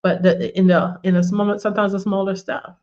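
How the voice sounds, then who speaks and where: A woman's voice: mid-range voice, level tone, a little fast, a little mellow, highs cut off. A woman giving a conversational faith teaching, telling personal stories, repeating words and often saying "you know". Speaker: women's ministry teacher.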